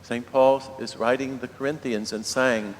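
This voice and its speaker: A man's voice: steady tone, moderate pace. A man, a priest giving a homily in an easygoing, storytelling way with rhetorical questions. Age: 70s. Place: large church. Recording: long church reverb, faint rumble.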